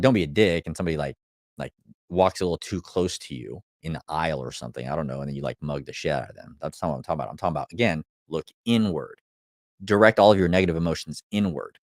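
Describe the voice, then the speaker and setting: A man's voice: low-pitched, no room sound, clean studio sound. A man, a life coach, giving a live motivational talk to viewers, blunt and profane, driving points home with repeated phrases. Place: live stream.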